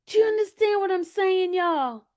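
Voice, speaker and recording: A high-pitched woman talks straight to her viewers, keeping it loose and chatty. She is animated, laughs a lot and keeps calling the audience y'all. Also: moderate pace. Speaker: commentary channel host. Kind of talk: casual commentary to viewers.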